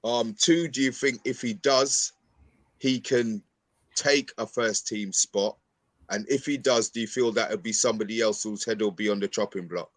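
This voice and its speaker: A man's voice: fairly low pitch, normal speed, dry recording. A man co-hosting a casual chat, often stumbling and repeating words. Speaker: co-host.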